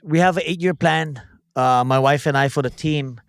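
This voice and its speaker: A man's voice: on the high side, moderate pace, smooth, dry recording, studio quality. Joking, foul-mouthed Hawaiian Pidgin man. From O'ahu, Hawaii. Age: 40s. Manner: profane, blunt, joking banter. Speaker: guest, chef and restaurant owner. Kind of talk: casual podcast conversation.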